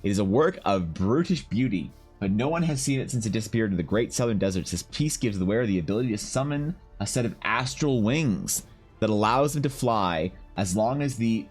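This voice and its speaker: Young male streamer, low-ish voice, slightly rough, animated and profane, chatty banter. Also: a little fast, soft background music. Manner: animated, swearing, bantering with chat. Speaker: art streamer. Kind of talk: casual live-stream chat.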